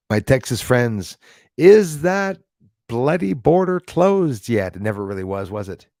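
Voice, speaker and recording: A man's voice: mid-range voice, a little mellow, dry recording, clean studio sound. A man hosting a casual live stream, chatting with viewers by name and swearing casually. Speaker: livestream host.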